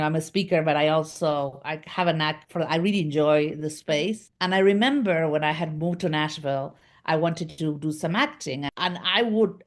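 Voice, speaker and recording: Lower-voiced Argentine woman telling her story. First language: Spanish. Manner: rambling, many fillers and restarts. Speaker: guest, communications business founder. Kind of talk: casual interview storytelling.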